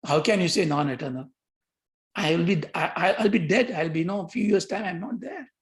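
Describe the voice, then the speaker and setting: An older man giving a lecture on yoga philosophy, lively and questioning, often repeating himself. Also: sits high, brisk.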